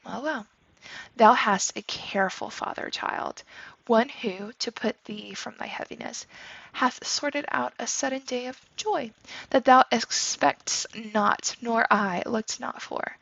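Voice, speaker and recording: A stern noble mother speaks in commanding verse, read aloud by a woman. Her voice is bright and gravelly. The recording is dry, with a slightly dull sound. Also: a little high, slow pace, no room sound, full character voice. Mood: announcing.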